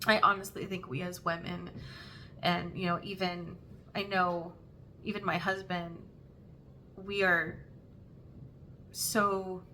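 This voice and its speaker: A young woman hosting a stitching vlog, talking in an earnest, halting and emotional way. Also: mid-range voice, sharp tone, slight background noise. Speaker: Flosstube host. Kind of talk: heartfelt personal vlog talk.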